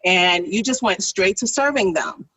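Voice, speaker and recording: A woman in her thirties or forties, animated and laughing often as she tells a story in casual conversation. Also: mid-range voice, a little slow, husky. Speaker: guest. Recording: distant from the mic.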